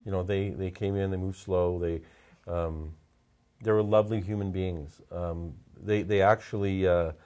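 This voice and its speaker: Deep-voiced man telling a heartfelt story. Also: fairly even intonation, dark tone. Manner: halting, repeats words, emotional. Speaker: portrait photographer, interview guest. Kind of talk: casual interview storytelling.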